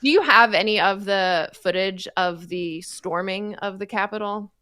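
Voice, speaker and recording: Bright-voiced woman co-hosting a podcast. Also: mid-range voice, normal speed, smooth, no room sound. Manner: conversational, many fillers like "um" and "like". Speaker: podcast co-host. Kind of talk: casual commentary chat.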